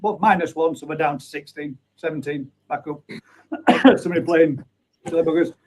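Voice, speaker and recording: A man's voice: a little high, normal speed, a little mellow, rough recording. A man hosting a live chat stream. He reads out viewer comments and banters with his guests in a casual way. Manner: chatty, banters and reads names aloud.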